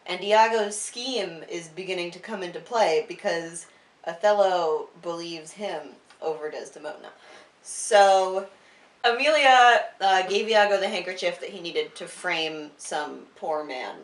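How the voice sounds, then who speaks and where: A woman's voice: medium pitch, expressive, normal speed. A tipsy young woman telling a classic story in a rambling, profane way, full of "like" and "uh", and giggly throughout. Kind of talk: tipsy casual retelling of a classic play. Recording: roomy sound from a distant mic.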